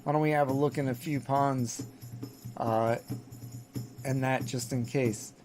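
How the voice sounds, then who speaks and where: A man's voice: mid-range voice, fairly even intonation, unhurried, voice pushed down, natural voice. A man voicing a cheeky little male fairy sidekick who talks in folksy turns of phrase, over faint game music. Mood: musing.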